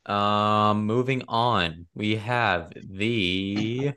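A young man hosting a casual sports chat, animated and argumentative. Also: fairly low pitch, drawn-out words, clean tone. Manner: animated and argumentative, leading the rundown. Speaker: podcast host.

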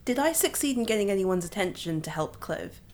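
A woman's voice: mid-range voice, very animated, fairly quick, darkish tone. A woman playing in a tabletop game, eagerly asking about and narrating her character's actions. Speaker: player.

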